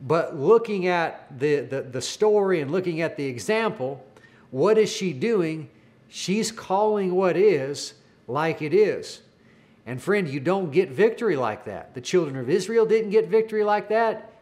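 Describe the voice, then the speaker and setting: Earnest male preacher, fairly high voice. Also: lively intonation, a little slow, darkish tone. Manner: earnest storytelling with frequent repeated words. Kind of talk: sermon.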